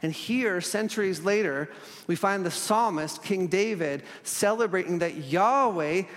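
A man delivers a sermon in an earnest tone, stretching key words slowly and letting phrases fall soft. His voice sits a little high for a man. A long reverb trails his words through the hall. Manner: earnest, with slow emphatic pauses and sudden soft drops. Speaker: pastor.

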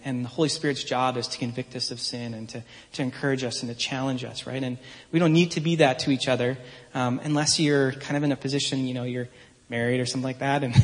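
A man in his thirties giving a relaxed, earnest sermon in a conversational, story-telling way. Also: mid-range voice. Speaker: pastor. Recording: long reverb from a large hall.

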